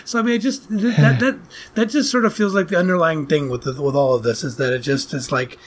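A man's voice: on the high side, fairly quick. A man co-hosting a podcast in casual chat, rambling incredulously about a movie. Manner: rambling, incredulous, laughing asides. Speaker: podcast co-host reviewing a movie.

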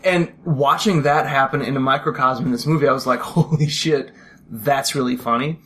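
A man's voice: mid-range voice, fairly even intonation, moderate pace, fairly bright tone. Rambling, laughing male podcast host. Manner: rambling storyteller, acts out quotes, laughs often. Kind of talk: casual chat about a film.

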